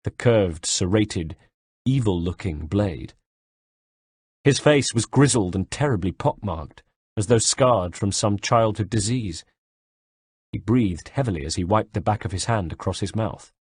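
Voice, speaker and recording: Male audiobook narrator, low breathy voice, dry close sound. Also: expressive, a little slow, darkish tone, no room sound. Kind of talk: first-person audiobook narration.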